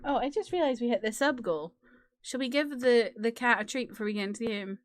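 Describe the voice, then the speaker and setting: A woman streamer with a slightly high voice talks quickly into a desk mic, chatting and giggling between games in a British accent that drops her T's. The recording is dry, with faint music in the background.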